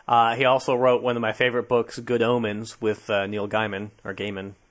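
A man's voice: on the low side, little pitch movement, brisk. A man hosting a podcast, talking casually and conversationally, easily amused. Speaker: podcast host.

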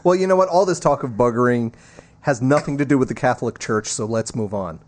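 A man of middle pitch chatting casually as a podcast co-host. He drifts easily into jokes and goofy asides, with an even, everyday tone that keeps the talk light. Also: brisk, a little hiss or hum. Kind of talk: casual chat.

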